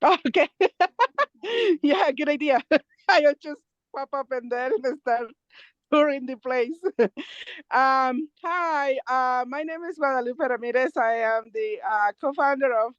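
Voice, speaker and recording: A high-voiced woman, a nonprofit co-founder, calls in by phone on a video call from outdoors in the mountains to give a remote update. She's out of breath, laughs often, and talks casually in halting bursts. The audio is dry, dull, and lo-fi.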